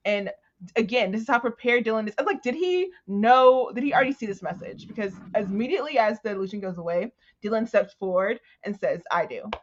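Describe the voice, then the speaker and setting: A woman co-hosting a book podcast in a casual, animated way, her fairly high voice swooping all over as she retells scenes. The sound is dull and lo-fi. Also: quick pace. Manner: animated, acts out character voices while retelling. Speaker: podcast co-host.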